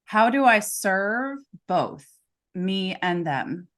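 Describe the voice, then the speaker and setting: A woman's voice: medium pitch, expressive, drawn-out words, fairly bright tone. A woman coach hosting a casual interview, emphatic and often checking in with "right?". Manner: emphatic, peppers talk with "right?". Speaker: podcast host, coach.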